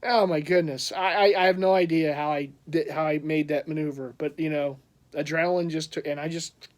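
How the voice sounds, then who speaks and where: Speaking briskly in a fairly high voice, this man collects things and vlogs about them, rambling through a story as he laughs often and starts over.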